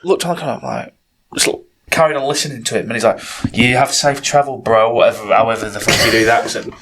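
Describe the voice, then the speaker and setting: A man's voice: medium pitch, lively intonation, very fast, noisy background. A man, a guest on a podcast, telling rambling sweary anecdotes in casual chat.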